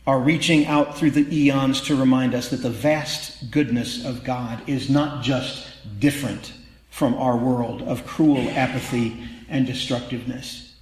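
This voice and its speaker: A man's voice: mid-range voice, steady tone, unhurried, a little mellow, echoey room, a little hiss or hum, rough recording. A man preaching a sermon in a conversational, wry way that builds to emphatic peaks. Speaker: pastor.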